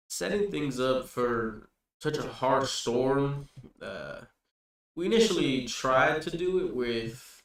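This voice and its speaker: A man plays a down-to-earth male stableman who answers questions with patient, folksy explanations. His voice sits in a middle register and carries the ring of a very echoey room. The mic is set back from him, and soft music plays underneath. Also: medium pitch, far from the mic.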